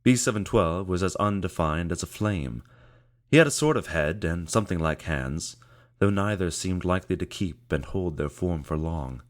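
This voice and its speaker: Reading a scripted audiobook, this man speaks in a low register and keeps his storytelling paced and even.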